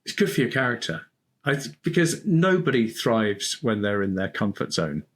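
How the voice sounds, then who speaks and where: Lively storytelling man, mid pitch. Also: normal speed. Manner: animated, laughs often while telling stories. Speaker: podcast guest, speaking coach. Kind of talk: storytelling in conversation.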